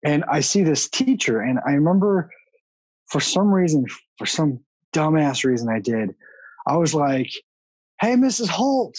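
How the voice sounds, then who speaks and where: A man hosting a casual podcast, laid-back and quick to laugh, swearing as he tells a school story. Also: fairly high pitch, a little mellow, dry recording. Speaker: podcast host. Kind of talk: casual chat.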